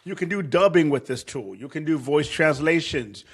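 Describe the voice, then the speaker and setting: A man's voice: a little high, expressive, moderate pace, breathy edge. A man hosting a casual screen-share tutorial, talking loosely with fillers and restarts. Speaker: tutorial host.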